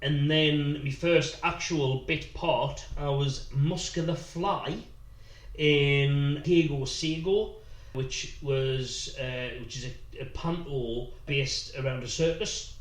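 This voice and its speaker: A man in his thirties from North East England, an actor chatting casually and telling animated stories. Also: on the high side, slow pace, roomy sound, poor audio. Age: 30s. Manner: animated storytelling, acts out rhymes. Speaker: actor guest. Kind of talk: casual chat.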